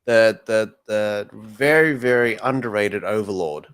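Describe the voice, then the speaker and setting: A man's voice: on the low side, a little slow, fairly bright tone, clean tone. A man co-hosting a podcast, chatting casually in a laid-back way and swearing now and then. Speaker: podcast co-host. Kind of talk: casual chat.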